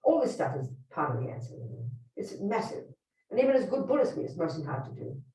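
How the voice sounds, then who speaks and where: A woman's voice: fairly low pitch, very animated, fairly quick, mellow. A woman teaches a room of listeners as a Buddhist nun, her voice swinging widely up and down as she drives each point home. She talks plainly and emphatically, often turning to ask the group whether they follow. She stands some distance from the microphone in a roomy, echoing hall. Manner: emphatic, blunt storytelling with direct questions to listeners. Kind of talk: teaching talk to a live group. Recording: roomy hall, speaker away from the mic.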